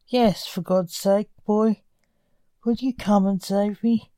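A woman voicing an ancient male reaper who scolds and sounds exasperated, with a mellow tone. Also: mid-range voice, steady tone, slow, dry recording, studio quality, natural voice.

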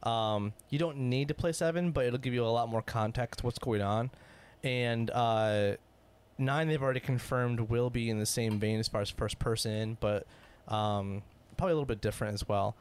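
A man's voice: mid-range voice, moderate pace, clear, resonant tone. A man in casual podcast chat, upbeat and explanatory, with frequent "um" and "uh" fillers. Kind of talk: casual chat reviewing a video game.

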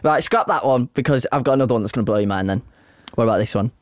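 A man co-hosting a podcast in casual chat, teasing his partner and drawing out his riddles slowly. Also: medium pitch, no echo, clean studio sound. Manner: teasing, drawn-out riddle reading. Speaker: podcast co-host.

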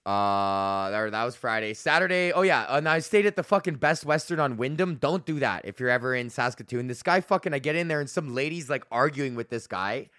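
Bright, slightly high-voiced man, solo host, rambling and profane, dry close mic. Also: animated, brisk, few pauses, no room sound. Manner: profane, rambling storytelling with lots of fillers. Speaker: podcast host and comedian.

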